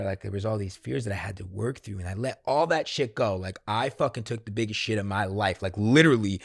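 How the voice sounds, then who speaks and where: Gravelly, low-voiced man telling a story. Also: fairly quick, few pauses, dry recording, clean studio sound. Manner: swears freely, animated when quoting himself. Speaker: podcast guest. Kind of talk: candid conversational storytelling.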